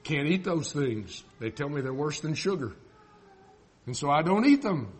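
Older guy giving a folksy sermon, highish voice that jumps all over. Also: big pitch swings, moderate pace, soft background music. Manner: folksy, joking, swings from loud to soft. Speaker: preacher.

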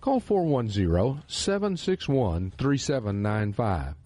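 A man's voice: medium pitch, sing-song, measured pace, mellow, no echo. A man with a Texan accent, hosting a radio Bible teaching program in an earnest, emphatic preaching manner. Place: radio studio.

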